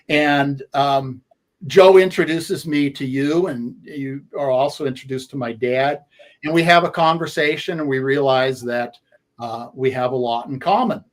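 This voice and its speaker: Sports radio co-host in his 60s, storytelling, halting delivery full of fillers. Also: medium pitch. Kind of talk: conversational storytelling.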